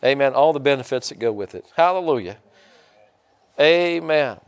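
A middle-aged man preaching a sermon, folksy and rambling, with many restarts and sudden high, loud bursts of excitement. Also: normal speed, smooth. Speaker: pastor.

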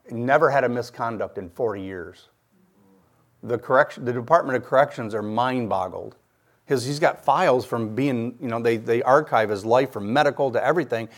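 Earnest middle-aged man telling his testimony. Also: medium pitch. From Michigan. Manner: earnest storytelling, acting out quoted voices. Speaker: guest giving his testimony. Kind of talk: personal faith testimony.

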